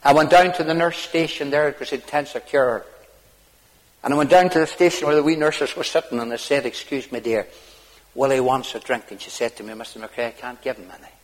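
A middle-aged man with a Northern Irish accent preaching a hellfire sermon. He swings from hushed low tones up to high, shouted pleading. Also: brisk. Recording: long hall reverb.

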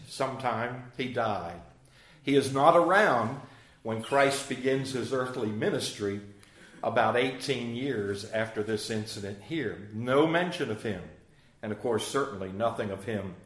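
A man teaches through a scripture passage in an easy, conversational way, pausing to put questions to his listeners. His voice sits at an ordinary middle pitch for a man. The sound carries a roomy echo. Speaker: Bible teacher. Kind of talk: verse-by-verse Bible teaching.

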